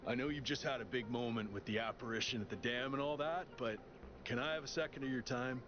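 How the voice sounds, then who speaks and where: A man's voice: medium pitch, fast talker, noisy background, lightly acted. A man voicing a laid-back android activist. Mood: earnest. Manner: earnest, persuasive. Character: earnest young male android activist. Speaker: petition-gathering transit worker. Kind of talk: video game dialogue. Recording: dull audio under game music.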